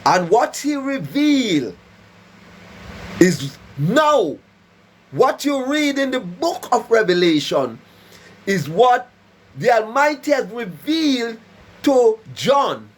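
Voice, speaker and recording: A man's voice: extremely high pitch, very animated, takes it slowly, pauses often. A man preaching to a live stream as a self-styled prophet, giving emphatic warnings with rhyming, repeated phrases and frequent "right?" checks. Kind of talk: preaching monologue.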